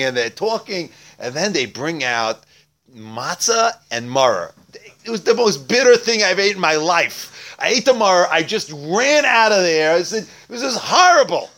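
A man voicing an indignant homeless beggar who complains in a raised, louder voice. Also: heavily acted. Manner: complaining, higher-pitched and loud.

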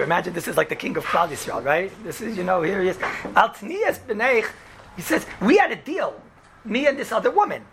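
Rabbi guy teaching a class, gravelly voice, high for a man, keeps asking "right?". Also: a little hiss or hum. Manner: animated storyteller, acts out quoted lines; peppers speech with "right?" and "you know". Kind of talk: casual classroom Torah lesson.

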